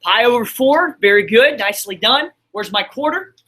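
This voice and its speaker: A man's voice: very high-pitched, lively intonation, normal speed, pushed and bright. A man teaching a math class in a classroom, upbeat and encouraging as he quizzes his students. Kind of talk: classroom lesson streamed online.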